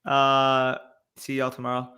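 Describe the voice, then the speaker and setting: A young man with a bright, forward voice runs a casual live stream. He reads chat questions aloud and fires back loose, quick reactions. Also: medium pitch, monotone, smooth. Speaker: fantasy football podcast host.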